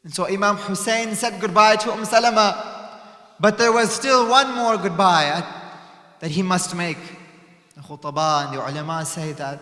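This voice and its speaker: A man preaching a mourning sermon, swinging dramatically between loud cries and hushed lines in an Islamic center prayer hall. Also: high-pitched, moderate pace. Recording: echoey hall with long reverb.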